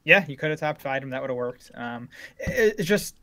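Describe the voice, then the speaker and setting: Co-hosting a golf betting podcast, a man works through the odds in a casual sports chat, easygoing, analytical and quick to agree. His mid-range voice is expressive with a sharp edge.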